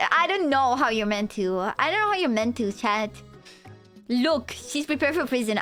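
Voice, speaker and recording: A young woman with a Romanian accent chats with her stream in a playful, rambling, teasing way. Her voice sits a little higher than most women's. Soft music plays quietly underneath. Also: moderate pace. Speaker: VTuber streamer. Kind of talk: casual live-stream chat with viewers.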